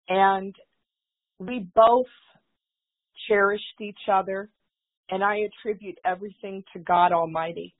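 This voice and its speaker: Woman, husky, heartfelt, devout, interview guest, tinny call audio. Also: mid-range voice. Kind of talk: casual interview talk.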